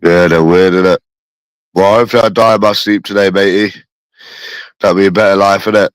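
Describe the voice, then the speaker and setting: A man's voice: low voice, fairly even intonation, a little fast, clear, resonant tone, dry recording, rough recording. A man with a phlegmy cough, ranting in a repetitive, rambling, profane casual monologue. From London.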